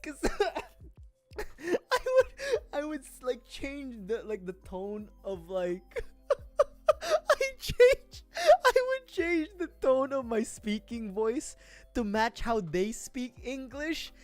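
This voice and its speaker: A woman's voice: high voice, very animated, slow, darkish tone, no room sound. A woman streamer chatting casually on a livestream, rambling, with frequent laughing fits and restarts. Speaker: VTuber streamer. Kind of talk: casual livestream chat while building a model kit.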